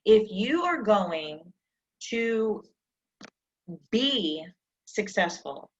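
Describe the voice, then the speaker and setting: A woman's voice: medium pitch, fairly bright tone, highs cut off. A woman success coach giving an emphatic motivational coaching session, full of rhetorical questions, over a live stream mic.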